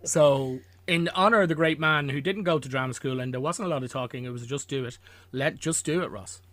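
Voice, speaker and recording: A man's voice: mid-range voice, a little fast, a bit bright, no room sound. A man hosting a casual film podcast, talking in a rambling way with restarts and laughs. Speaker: podcast host.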